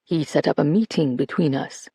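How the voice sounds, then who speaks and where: A narrator gives voice to a determined woman who keeps her tone calm and controlled. She speaks measured and a little quieter, with a gravelly texture, in a dry close sound. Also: low-pitched, no room sound, voice pushed down, full character voice. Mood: calm, probing. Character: calm, determined woman, former jewel thief.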